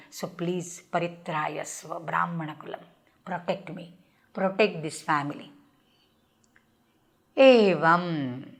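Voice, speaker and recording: Older Indian woman lecturing on Sanskrit verses. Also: a bit bright. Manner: recites Sanskrit verses, then explains them in English with frequent fillers; acts out characters' lines with rising pitch. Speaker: Sanskrit professor. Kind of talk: explanatory lecture.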